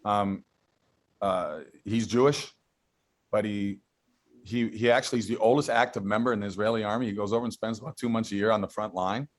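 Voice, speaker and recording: Middle-aged male guest, low voice, enthusiastic storyteller, casual interview. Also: steady tone, fairly quick. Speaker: guest actor.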